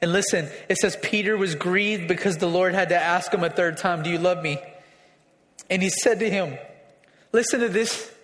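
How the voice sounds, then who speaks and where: High-voiced pastor preaching in an echoey hall. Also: male voice, moderate pace. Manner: emotional, building to shouts. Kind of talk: sermon. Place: church hall.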